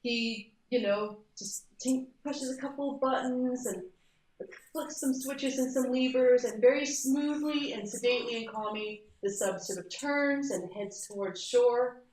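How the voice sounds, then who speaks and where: A woman's voice: fairly high pitch, a little slow, darkish tone, a little hiss or hum. Giggly game master woman, echoey room. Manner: giggly, hesitant, repeats words. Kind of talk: narrating a tabletop game. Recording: distant echoey room mic.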